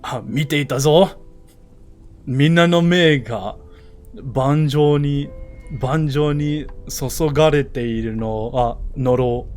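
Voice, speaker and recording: A man voicing a scheming male go player from ancient Japan, loudly and sharply accusing his opponent. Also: medium pitch, slow pace, faint music behind, natural voice. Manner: loud, sharp, theatrical accusation.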